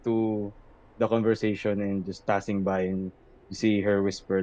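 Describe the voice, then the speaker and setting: A man's voice: fairly low pitch, little pitch movement, moderate pace, warm tone. A man running a tabletop game as game master, narrating with frequent restarts. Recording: dull lo-fi sound.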